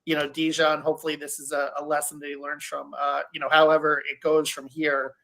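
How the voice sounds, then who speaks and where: A man, a sports reporter on a panel, speaking casually in a halting way with many restarts. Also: fairly high pitch, monotone, gravelly, bright, forceful tone.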